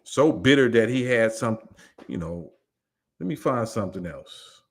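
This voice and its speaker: Male host with AAVE, low-pitched, animated and combative on a casual livestream. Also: a little slow, husky. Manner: animated, argumentative, laughs often, rhetorical questions.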